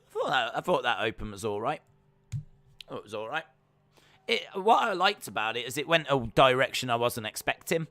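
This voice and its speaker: A man's voice: mid-range voice, big pitch swings, fairly quick, fairly bright tone, dry recording. A man hosting a live wrestling reaction stream, chatting casually with lots of fillers and reading viewer comments aloud.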